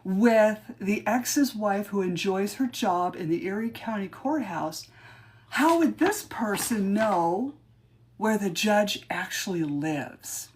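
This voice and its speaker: A woman hosting a podcast live, chatting casually in a sarcastic way and laughing often. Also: medium pitch. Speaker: podcast host. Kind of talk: casual live-stream chat.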